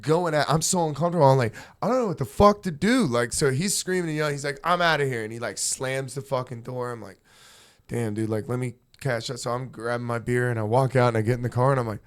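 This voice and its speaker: A young man hosts a loose conversation, spinning animated anecdotes. He laughs often and swears freely as he tells them. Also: medium pitch, fast, no room sound, studio quality. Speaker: host. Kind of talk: casual storytelling chat.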